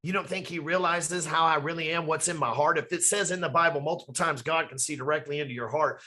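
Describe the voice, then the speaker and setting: A man's voice: on the high side, steady tone, fast talker, bright, forceful tone. A man talking as a podcast guest from his office, emphatic and rambling, with plenty of swearing. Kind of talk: casual podcast conversation.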